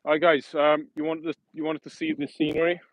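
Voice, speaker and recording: A man's voice: on the high side, flat delivery, fairly quick, no echo, low-quality recording. A man hosting a casual livestream outdoors, rambling and correcting himself in a friendly, matey way. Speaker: livestream host.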